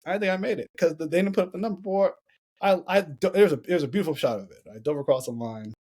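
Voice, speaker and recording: A man's voice: on the high side, quick pace, husky. Man telling a story animatedly. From United States. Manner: animated, repeats and restarts phrases while telling a story. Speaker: podcast guest, former Olympic hurdler. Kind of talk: storytelling in a conversational interview.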